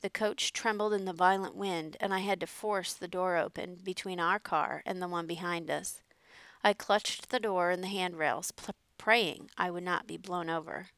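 Woman narrator, smooth and clear, close dry sound, measured storybook reading. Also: lowish voice, steady tone, fairly bright tone, dry recording.

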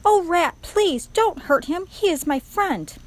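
A woman voicing a gentle, kind young princess who speaks in a high, earnest, pleading way. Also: expressive, moderate pace, lightly acted, low-quality recording.

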